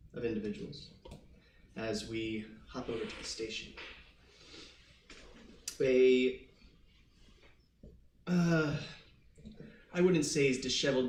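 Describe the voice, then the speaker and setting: A man's voice: mid-range voice, roomy sound. Male game master, chatty filler-heavy narration, faint hiss, distant mic.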